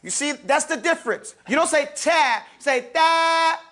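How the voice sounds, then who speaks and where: A man's voice: very high voice, expressive, a little fast, bright, forceful tone, a little hiss or hum. A man teaching Quran recitation, leading call-and-response drills of letters and correcting pronunciation.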